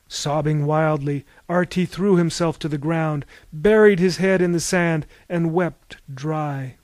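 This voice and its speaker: Guy reading an audiobook, measured, slightly higher voice, dead dry room. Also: a little mellow, no echo. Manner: measured, storytelling. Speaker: narrator. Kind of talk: audiobook narration.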